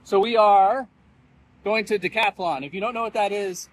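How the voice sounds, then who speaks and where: Brief: man vlog host, unusually high voice, relaxed rambling, outside. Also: moderate pace, rough recording. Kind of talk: casual on-location vlogging. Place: outdoors in town.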